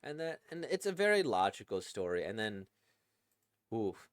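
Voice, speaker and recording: A man's voice: on the low side, sing-song, moderate pace, clear, resonant tone, dry recording, studio quality. A man giving casual, chatty commentary while reading a manga, enthusiastic and full of fillers. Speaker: manga reaction creator.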